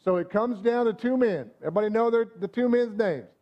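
Preacher with a high, lively voice. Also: male voice, a little fast, highs cut off. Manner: conversational preaching, frequent "amen?" asides to the congregation. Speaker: pastor. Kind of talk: sermon.

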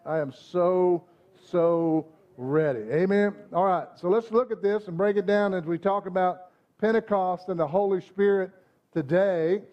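A male pastor delivers a sermon in a relaxed, conversational way, checking in with the congregation. His voice sits high for a man. The recording sounds somewhat dull and muffled. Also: normal speed. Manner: conversational preaching, frequent "amen?" asides to the congregation.

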